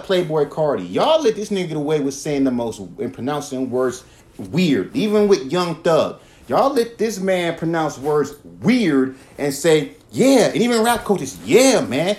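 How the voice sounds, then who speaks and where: A man from California ranting casually on his podcast, profane and animated, often restarting his words. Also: a little high. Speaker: podcast host. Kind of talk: casual rant.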